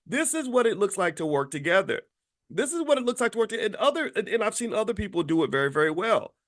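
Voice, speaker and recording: A man giving an emphatic, animated monologue in casual commentary, often repeating himself and swinging from low, quiet lines to high, loud ones. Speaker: commentator on Black economics.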